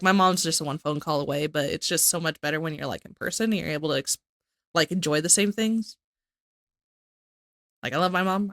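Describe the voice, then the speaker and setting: Woman host, bright crisp voice, dry close sound, chatty, casual reaction chat. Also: low voice, no echo. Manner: chatty, lots of "like" fillers. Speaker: channel host.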